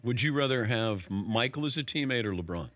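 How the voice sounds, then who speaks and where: A man interviewing a guest in a casual chat, firing quick, probing questions and laughing easily. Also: medium pitch, lively intonation, fairly bright tone.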